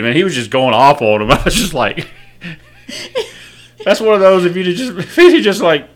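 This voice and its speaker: A man's voice: a little high, big pitch swings, brisk, fairly bright tone. A man co-hosting a casual podcast, telling profane stories and laughing while he retells them. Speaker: podcast co-host. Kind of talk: casual chat.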